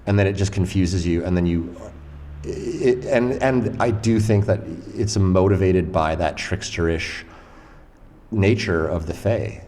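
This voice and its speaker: Podcast host, male, very low voice, animated storyteller who swears casually; long reverb room sound. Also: a little slow, slight background noise.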